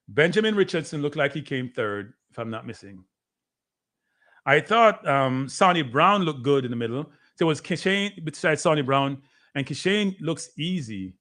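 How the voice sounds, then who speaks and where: Jamaican male streamer, animated race caller, talks straight to his viewers. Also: mid-range voice, measured pace, pauses often. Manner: excitable, chatty, calls out to viewers. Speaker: livestream host. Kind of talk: live sports watchalong commentary.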